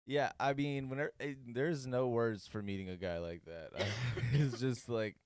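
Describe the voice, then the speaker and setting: Brief: male co-host, smooth mid voice, jokey, laughs a lot. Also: medium pitch, normal speed, darkish tone, dry recording, studio quality. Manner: laughing, joking reactions. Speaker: podcast co-host. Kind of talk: casual chat.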